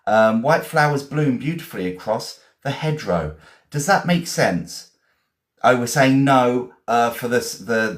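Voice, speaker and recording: A man from England, teaching vocabulary on a live stream, spelling words out and praising learners. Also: mid-range voice. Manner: encouraging, repeats and spells words. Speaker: English teacher.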